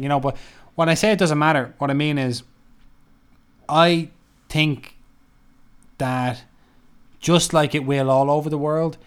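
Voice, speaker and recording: A man's voice: mid-range voice, clear, resonant tone. A man co-hosting a podcast in casual chat, laid-back and rambling, with lots of "like" fillers. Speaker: podcast co-host.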